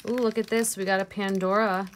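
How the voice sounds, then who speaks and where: A woman's voice: medium pitch, flat delivery, a little fast, noisy background. A woman reseller chatting casually through an unboxing, gushing over each piece and laughing at herself. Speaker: jewelry reseller vlogger.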